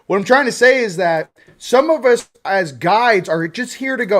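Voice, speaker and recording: A man in his forties hosting a casual spiritual talk, rambling and animated, sometimes swearing. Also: high-pitched, normal speed, hardly any pauses. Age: 40s. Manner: rambling, animated, swearing, acts out quoted voices.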